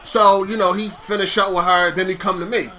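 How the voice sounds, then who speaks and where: A young man casually telling a story, animated, swearing and acting out conversations. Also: high voice, brisk.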